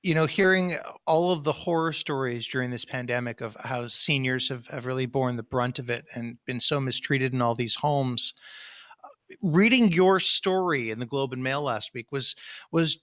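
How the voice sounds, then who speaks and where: A man hosting a radio interview, thoughtful and halting as he frames his questions. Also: mid-range voice, sharp tone. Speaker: radio host.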